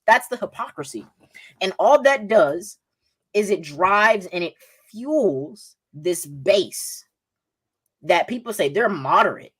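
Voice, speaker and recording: Combative Southern man, lively pitch. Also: slow, husky. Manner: combative, repeats "right?" often. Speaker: podcast host. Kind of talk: political livestream talk.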